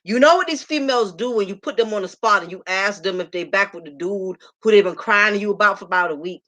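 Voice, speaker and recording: A woman's voice: medium pitch, fast talker, pushed and bright. A woman hosting a live show, telling a story to her audience in a brash, profane, sassy way. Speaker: host.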